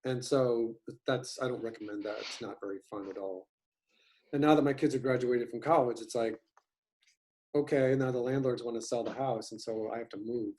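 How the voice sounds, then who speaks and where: In a casual video call, a fiftysomething animation instructor rambles with a halting delivery, many ums and frequent restarts. His medium-pitched voice sounds darkish, with fairly even intonation.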